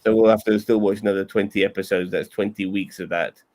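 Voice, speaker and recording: Male co-host, lowish voice, halting casual talk. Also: steady tone, a little mellow. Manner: hesitant, repeats words, laughs often. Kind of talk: casual chat.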